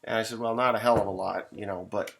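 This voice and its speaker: Man, middle-aged farmer, low gravelly voice, rambling folksy storytelling, faint hiss behind. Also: fairly even intonation, fast, fairly bright tone. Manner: rambling, folksy, swears casually. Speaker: farmer telling stories. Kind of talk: casual storytelling monologue.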